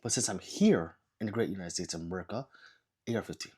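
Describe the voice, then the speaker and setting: A man who is sick, chatting casually on a livestream and reading viewer comments aloud with low energy. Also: lively intonation, fast talker, a little mellow, husky.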